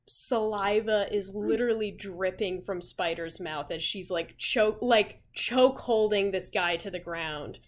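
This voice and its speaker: A young woman running a tabletop game, narrating a scene in an unhurried, halting way with many fillers. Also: medium pitch. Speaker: game master.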